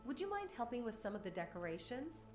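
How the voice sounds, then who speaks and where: A woman's voice: fairly high pitch, sing-song, fast talker. A woman voicing a cheerful, chatty young villager in a game, with an AI-generated voice. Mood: friendly. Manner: chatty, lightly joking. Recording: echoey game audio over music.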